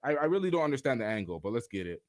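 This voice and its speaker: A man on a live stream reads comments from the chat aloud and rebuts them in blunt, profane casual talk. His pitch sits in the middle range. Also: big pitch swings, racing.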